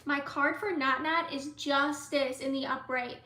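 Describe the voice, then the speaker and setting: A young woman giving tarot readings on a live stream in a casual, dreamy way, often slipping into soft whispers. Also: high voice, fairly even intonation, a little slow, few pauses, echoey room.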